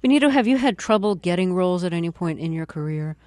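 Interviewer, middle pitch, attentive, dry studio sound. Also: expressive, fast, a little mellow, dry recording. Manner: attentive, frequent affirmations. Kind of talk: interview questions.

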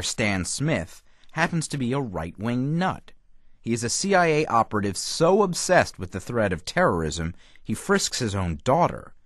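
A man's voice: mid-range voice, fairly bright tone, dry recording, studio quality. A male TV critic delivering a scripted radio review with a wry, emphatic manner.

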